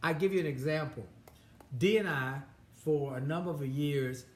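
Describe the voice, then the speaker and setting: Middle-aged man, halting advice talk. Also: a little high. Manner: halting, restarts and repeats words. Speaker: co-host. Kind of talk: casual advice chat. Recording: roomy echo, faint ambience.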